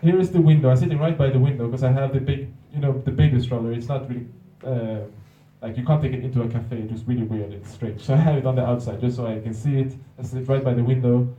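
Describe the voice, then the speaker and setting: Dark-voiced man telling stories. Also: medium pitch, fairly even intonation, fast talker, few pauses. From Sweden. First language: Swedish. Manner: amused, often laughs, acts out other people's lines. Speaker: speaker at a public talk. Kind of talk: anecdotal storytelling. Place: hall at a museum talk. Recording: roomy, distant, dull hall recording.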